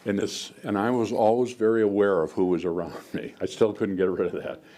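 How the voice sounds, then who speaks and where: A man's voice: lowish voice, steady tone, fairly quick, warm tone. An older man in his seventies from the United States, a veteran guest speaker telling stories to an audience in a rambling way, often restarting his sentences. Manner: rambling, frequent restarts and fillers. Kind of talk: storytelling talk to an audience. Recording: faint background noise.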